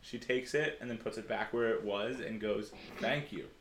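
A man's voice: lowish voice, fairly even intonation, normal speed, roomy sound. A man running a tabletop game as game master, narrating with lots of filler words. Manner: rambling with many "like" fillers.

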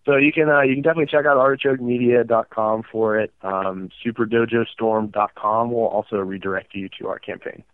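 A man guesting on a podcast in casual chat, self-mocking and a little halting. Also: medium pitch, steady tone, no echo. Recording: tinny phone-like call line.

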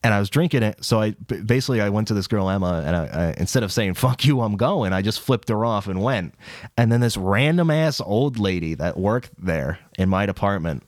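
A man's voice: lively intonation, a little fast, darkish tone, no room sound, studio quality. A young man, a college student, co-hosting a podcast and telling a long story with swearing and laughter. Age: young adult. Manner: rambling storyteller, swearing, laughing, voice jumps high in quotes. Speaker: podcast co-host. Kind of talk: casual chat.

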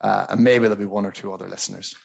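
A man co-hosting a podcast, giving sales advice in a relaxed, rambling, conversational way. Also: fairly low pitch, very fast, creaky, breathy edge, muffled recording. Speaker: podcast co-host.

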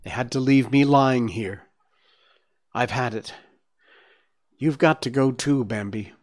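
A man voicing a weak young male fawn who speaks gently, quietly and earnestly. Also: mid-range voice, takes it slowly, dry recording, studio quality, natural voice. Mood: resigned.

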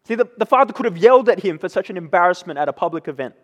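A man's voice: high-pitched, animated, racing. A man preaching a sermon who keeps checking in with his listeners by asking "right?". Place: church. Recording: long echo of a church hall.

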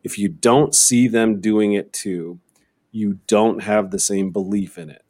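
A man with a somewhat low voice chatting about politics with friends. He talks earnestly and rambles, circling back and restarting his sentences as he works out his point. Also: steady tone, measured pace, darkish tone. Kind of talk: casual political chat.

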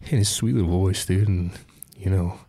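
A man speaking candidly and emotionally about his struggles, halting and repeating himself, filling his talk with "man" and "dude". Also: sits low, fairly even intonation, dark tone, no echo. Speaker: guest. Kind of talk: candid confessional conversation.

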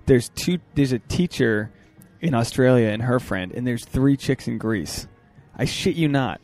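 A man hosting a podcast in casual chat, talking fast and excitably, interrupting himself and restarting, on an outdoor hotel balcony. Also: mid-range voice, faint music behind. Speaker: podcast host.

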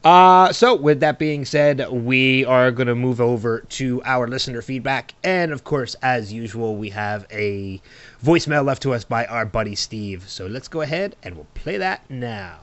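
A man's voice: mid-range voice, moderate pace, dull audio. A man co-hosting a podcast, chatting enthusiastically about a TV show episode and often restarting his sentences. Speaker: podcast co-host. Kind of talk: casual TV recap chat.

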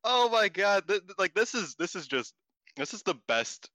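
A man co-hosting a podcast, chatting casually and excitably, laughing and swearing, his voice jumping up in disbelief. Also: high voice, moderate pace, no echo. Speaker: podcast co-host. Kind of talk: casual chat recapping wrestling.

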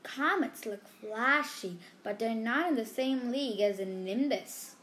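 A woman doing an excitable envious schoolboy. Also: extremely high pitch, a little slow, slight background noise, exaggerated voice. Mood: excited.

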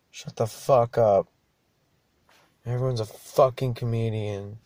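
A man's voice: medium pitch, steady tone, slow pace, pauses often, mellow, no echo. A young man hosting a show alone, rambling casually, swearing often and laughing at himself. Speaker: podcast host. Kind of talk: casual monologue.

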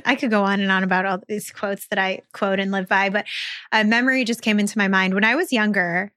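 A woman in her thirties co-hosting a podcast, talking in a relaxed, reflective way about spiritual signs and advice, often restarting her thoughts. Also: mid-range voice, fairly quick. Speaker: podcast co-host. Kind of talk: casual conversational podcast chat.

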